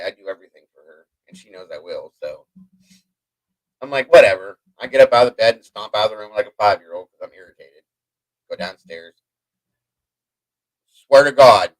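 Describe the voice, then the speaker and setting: A man hosting a live stream, telling a long personal story in a rambling, profane, animated way. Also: lowish voice, fairly quick, long pauses, poor audio. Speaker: host. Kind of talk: livestream storytelling.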